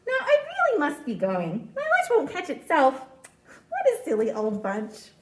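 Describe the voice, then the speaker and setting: A tiny, bragging storybook mouse, voiced by a woman. The voice is very high and swoops wildly up and down, and the delivery is slow and bold. The sound is echoey, as if from a bare room. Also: wildly swooping pitch, exaggerated voice. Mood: boastful. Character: small boastful mouse insisting he is a tiger. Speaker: storytime reader.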